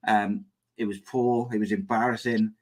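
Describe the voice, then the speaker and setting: A man's voice: on the low side, flat delivery, normal speed. A young man hosting a comedic podcast in a rambling, chatty, plain-spoken way. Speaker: podcast host. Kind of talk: casual comedic chat.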